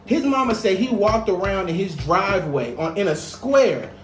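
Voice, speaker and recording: Heated young man, higher voice. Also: lively intonation, normal speed, echoey room, a little hiss or hum, poor audio. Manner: heated, profane, emphatic. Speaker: podcast co-host. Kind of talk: casual podcast chat.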